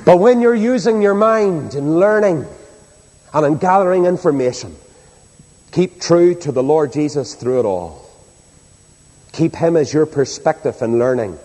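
A preacher with a high, ringing voice delivers an impassioned sermon to a large congregation. He surges into loud exhortation, then drops to a hushed appeal. His words trail off into the long reverb of a big hall. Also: animated, measured pace, long pauses.

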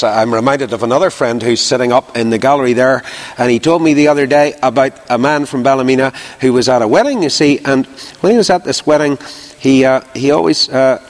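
A man with a Northern Irish accent preaching a sermon to a live audience, telling anecdotes and asking rhetorical questions. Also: mid-range voice. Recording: long hall reverb.

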